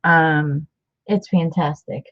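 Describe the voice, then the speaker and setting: A woman hosting a casual craft livestream, chatting warmly and rambling, repeating herself as she works. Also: deep voice, steady tone, takes it slowly, lo-fi sound.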